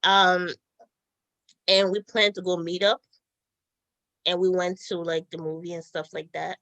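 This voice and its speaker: A young woman chatting as a guest, telling stories in a lively way and laughing often. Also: fairly low pitch, unhurried, no room sound, low-quality recording. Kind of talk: casual chat.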